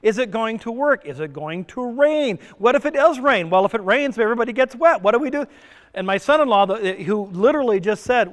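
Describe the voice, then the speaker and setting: This stress-summit presenter is a man whose high voice comes across as expressive and fairly quick. Speaking in a resort conference room, he keeps his talk jokey and quizzes the crowd. There's a long hall-style reverb on the audio.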